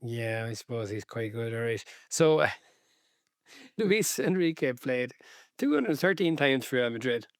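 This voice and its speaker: A man's voice: medium pitch, very animated, measured pace, dry recording. A man co-hosting a casual football chat, easygoing and teasing, in a middle-of-the-road voice. The sound is dry and close, with no room around it. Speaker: podcast co-host.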